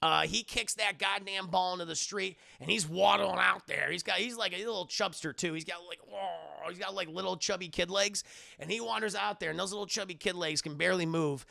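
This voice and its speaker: Profane, animated male streamer; bright and gravelly. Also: sits high, a little fast. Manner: animated, profane, addresses chat. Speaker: streamer, show reviewer. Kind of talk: live-stream commentary.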